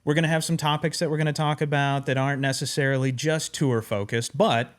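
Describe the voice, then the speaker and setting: A man hosting a podcast in person, upbeat and bantering, with lively jumps in pitch. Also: fairly quick. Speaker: podcast host. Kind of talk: casual podcast chat. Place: in-person studio.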